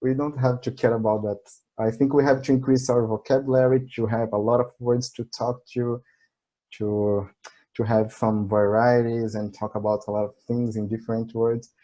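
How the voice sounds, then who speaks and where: A man's voice: medium pitch, little pitch movement, moderate pace, warm tone, highs cut off. A Brazilian man speaking English with a Brazilian accent, chatting in a friendly way on an online call, often laughing and restarting his sentences. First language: Portuguese. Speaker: channel host, English learner. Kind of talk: casual conversation.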